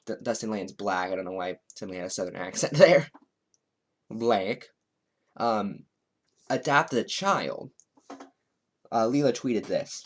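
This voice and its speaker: A man's voice: medium pitch, lively intonation, moderate pace, pauses often. Male host, sarcastic, wry solo commentary. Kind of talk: political commentary monologue.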